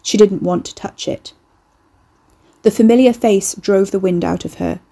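A woman reading a novel aloud as audiobook narrator, measured and even. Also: mid-range voice, vocal fry. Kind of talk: scripted narration.

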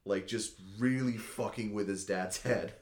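A man's voice: on the low side, measured pace, background noise. Rambling man in an echoey room. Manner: rambling and excitable, heavy use of "like", swears often. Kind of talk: casual chat recapping an anime episode.

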